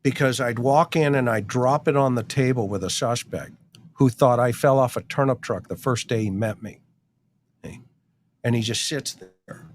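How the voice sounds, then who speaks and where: Man, former detective, middle-aged, blunt, wry, storytelling, faint hiss behind. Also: medium pitch. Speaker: retired detective guest. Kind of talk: storytelling in casual chat.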